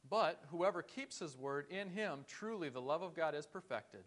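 A man's voice: a little high, lively intonation, normal speed, a bit bright. A man preaching a sermon in a church, earnest and conversational, asking his listeners rhetorical questions. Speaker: pastor.

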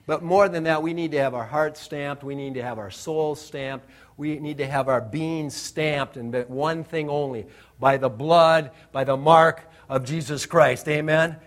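High-voiced, emphatic male preacher. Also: unhurried. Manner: emphatic, repeats phrases for effect. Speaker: pastor. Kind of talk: sermon.

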